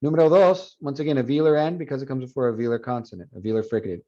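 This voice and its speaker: A man teaching a phonetics class review, explaining and repeating words slowly to model pronunciation. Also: medium pitch, dark tone. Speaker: Spanish phonetics instructor. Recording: dull lo-fi classroom recording.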